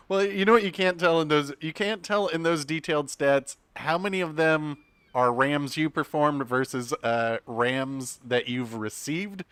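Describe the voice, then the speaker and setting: A man's voice: on the high side, measured pace, a bit bright, clear, resonant tone, no room sound. A man chatting casually during a live game stream, joking and laughing often between comments.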